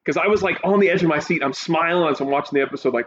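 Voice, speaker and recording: A man's slightly high voice races along as he relaxes into casual chat, getting more animated as he retells the show scenes he loved. His voice shoots up sharply when he's carried away, and faint hiss sits under a somewhat dull recording.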